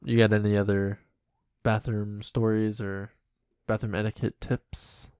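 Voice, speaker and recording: A man's voice: on the low side, little pitch movement, unhurried, darkish tone, clear, resonant tone, dry recording, clean studio sound. A man co-hosting a podcast in casual comedic chat, joking and riffing playfully. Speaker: podcast co-host.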